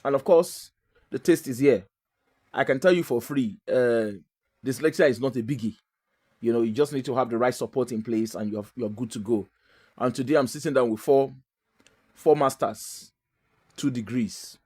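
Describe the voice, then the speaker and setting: A woman's voice: extremely low pitch, normal speed, pauses often, dark tone, husky. A woman from Nigeria with a Nigerian accent, talking in a chatty, emphatic and digressive way as the host of a casual monologue.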